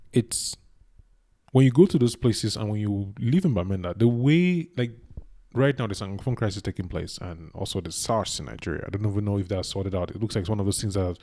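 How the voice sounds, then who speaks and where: A man's voice: fairly low pitch, warm tone. A man hosting a reaction channel, talking casually and earnestly straight to his viewers. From Cameroon. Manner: chatty, earnest, addresses viewers directly.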